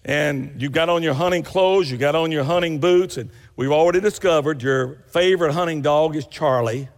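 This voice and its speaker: A man's voice: a little high, moderate pace, big-room sound. A man preaching a sermon, telling folksy stories with rising emphatic bursts.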